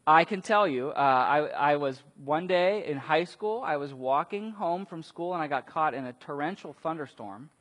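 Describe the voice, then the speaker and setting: Animated preacher in an echoing hall. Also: male voice, on the high side, normal speed, few pauses. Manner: animated storytelling, acts out quotes with big swings in loudness. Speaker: pastor. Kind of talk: sermon. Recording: long reverb of a large hall.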